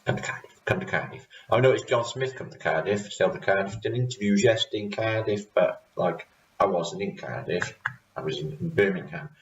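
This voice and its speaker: A man's voice: fairly low pitch, normal speed. A Welsh man from Wales hosting his channel, chatting casually and rambling with frequent laughs. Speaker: channel host. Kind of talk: casual vlog recap. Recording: roomy, distant, dull sound.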